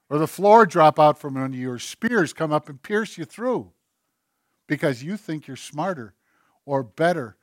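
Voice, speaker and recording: A man's voice: a little high, dry recording. Man preaching a sermon, dry close sound. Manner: swings between hushed and emphatic, acts out God's voice. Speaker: pastor.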